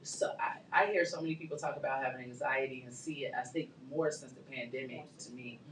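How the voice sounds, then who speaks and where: A woman's voice: extremely low pitch, fairly quick, a little hiss or hum. A woman hosting a radio talk show, chatting loosely and asking rambling questions. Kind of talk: casual studio chat. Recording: echoey studio, mic at a distance.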